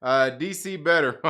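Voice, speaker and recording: A man's voice: a little high, sharp tone. A man hosting a casual livestream, swearing a lot, laughing and ranting at chat comments with lots of repeats. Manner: profane, laughing, repetitive ranting. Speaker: livestream host.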